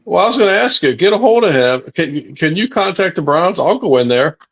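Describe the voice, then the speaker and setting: A man's voice: high-pitched, animated, a little fast, fairly bright tone, muffled recording. A man co-hosting a live sports podcast, talking indignantly with repeated words and swearing. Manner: indignant, profane, repetitive. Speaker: podcast co-host.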